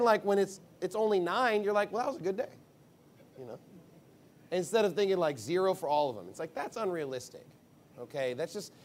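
A man's voice: a little high, a little hiss or hum. A man preaching a conversational sermon as a pastor, blunt and emphatic, rambling with asides.

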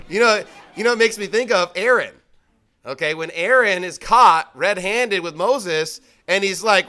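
A man's voice: sits high, expressive, brisk, sharp tone. A man preaching a sermon, reading scripture and mocking excuses in quoted voices. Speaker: pastor.

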